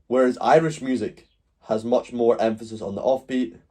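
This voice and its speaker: A man's voice: medium pitch, steady tone, normal speed, a little mellow. A man hosting a live stream, rambling through his points and answering the chat.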